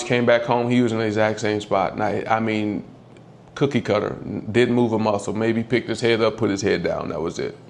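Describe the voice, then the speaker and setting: A man telling the story of losing his old dog, candid and halting, often close to tears as his voice drops. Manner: candid, halting, swears, voice drops low when upset. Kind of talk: emotional personal storytelling.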